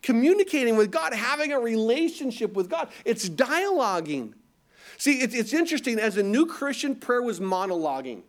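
A man's voice: extremely high pitch, sing-song, normal speed. A man preaching a sermon, reading scripture aloud and explaining it, often asking his listeners rhetorical questions and repeating words as he goes. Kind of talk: expository sermon.

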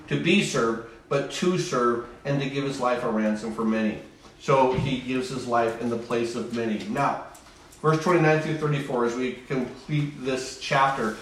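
A man preaches with emphatic repetition, his voice sitting a bit high for a man. He is recorded from some distance in a very echoey room, so his words ring around the space. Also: fairly bright tone. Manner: emphatic, repeats phrases, acts out voices. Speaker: pastor. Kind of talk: sermon. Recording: echoey room, far from mic.

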